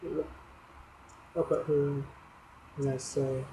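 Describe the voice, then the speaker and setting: Deadpan man rambling through a comic monologue. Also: slow pace, background noise. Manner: low-key, deadpan storytelling with crude jokes. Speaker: fantasy league member delivering a weekly roast.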